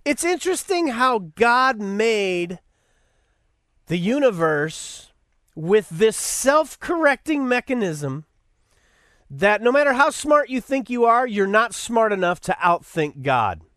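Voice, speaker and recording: Male podcast host, high animated voice, mocking rambling delivery. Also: slow pace, dry recording, studio quality. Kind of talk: sarcastic political commentary.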